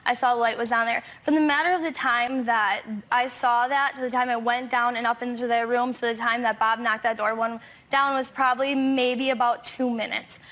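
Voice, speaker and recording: A young woman on a talk show defends herself, telling events in a rapid, breathless rush. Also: fairly high pitch, steady tone, fairly bright tone. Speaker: talk show guest, accused girlfriend.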